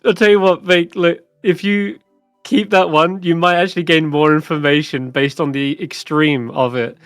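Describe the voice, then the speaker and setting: Dungeon master, man, lively storyteller, slightly high voice, dry close mic. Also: normal speed, no room sound, soft background music. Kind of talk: narrating a tabletop game.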